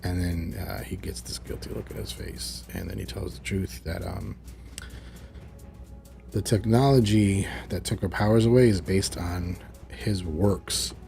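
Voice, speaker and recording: A man's voice: low voice, steady tone, a little slow, gravelly, warm tone, soft background music. A man casually recapping a television episode, retelling the scenes with chatty asides. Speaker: video reviewer.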